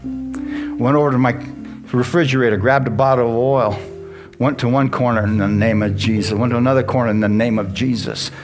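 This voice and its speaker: A man's voice: mid-range voice, fairly even intonation, a little fast. A male pastor preaching a sermon in a conversational way, asking the congregation questions as he goes. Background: guitar music.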